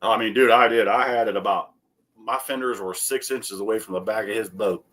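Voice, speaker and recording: A man's voice: lowish voice, brisk. A man telling casual stories in a chat, swearing freely and raising his voice to act out the people he quotes. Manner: profane, animated storyteller who acts out quoted people in a raised voice. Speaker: co-host.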